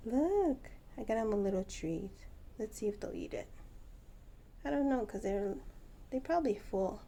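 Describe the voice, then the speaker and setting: A woman's voice: medium pitch, animated, normal speed, vocal fry, long pauses, mellow, a little hiss or hum. A woman chatting at home to her pet birds in a doting, teasing baby-talk way. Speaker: pet bird vlogger. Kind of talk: casual chat to pet birds.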